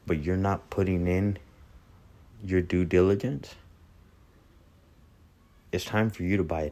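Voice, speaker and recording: A man's voice: deep voice, a little mellow. A man giving an earnest sermon and leading a prayer, repeating phrases for emphasis. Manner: earnest, preaching with repetition. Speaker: preacher.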